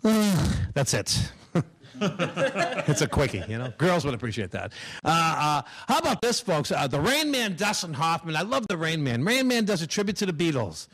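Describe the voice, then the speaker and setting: A male stand-up comedian telling punchy, animated stories about his Italian-American family. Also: fairly high pitch, a little fast.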